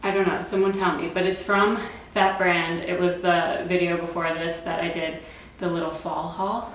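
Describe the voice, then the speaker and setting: A woman's voice: on the low side, little pitch movement, moderate pace. An American woman chatting casually as a home decor vlogger, gushing and full of "like" fillers. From United States. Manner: bubbly, gushing, lots of "like" fillers. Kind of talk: casual chatty vlog narration. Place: at home, indoors. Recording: roomy echo at home.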